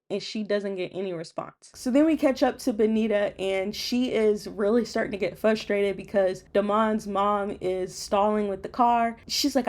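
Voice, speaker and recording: Female recap host, casual and chatty, mid-pitched voice, quick asides. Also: a little mellow. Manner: chatty retelling with quoted asides.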